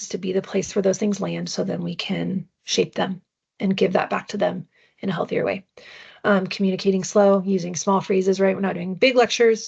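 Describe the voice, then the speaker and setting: A woman's voice: mid-range voice, gravelly, a little mellow, husky. A woman presenting a parenting webinar with slides, talking conversationally and often checking in with tag questions. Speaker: adoption parenting educator.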